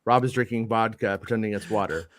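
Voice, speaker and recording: A man's voice: lowish voice, fast, no echo, clean studio sound. A man hosting a casual chat show, rambling and joking with many fillers and restarts. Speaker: podcast host.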